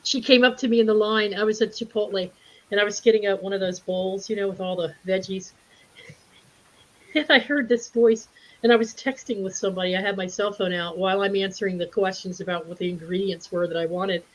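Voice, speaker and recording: A woman telling a story in a casual group talk, animated and laughing often as she acts out the voices of people in it. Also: medium pitch, brisk. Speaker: spiritual group speaker. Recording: dull lo-fi livestream audio.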